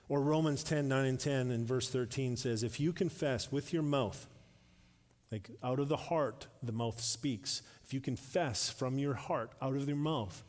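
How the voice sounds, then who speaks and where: A male pastor preaching a sermon. He grows emphatic and louder when reading scripture and drops softly for asides. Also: normal speed. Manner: drops to a soft, low voice for asides. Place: church sanctuary. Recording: reverberant church hall.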